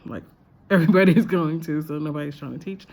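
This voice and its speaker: Low-voiced woman in a chatty vlog. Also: steady tone, fairly quick, darkish tone. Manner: chatty, reflective, many fillers. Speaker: visiting lecturer. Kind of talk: casual spoken diary.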